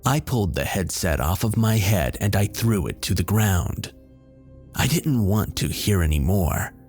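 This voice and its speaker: A man telling a first-person horror story in a steady, measured way. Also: deep voice. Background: faint background music.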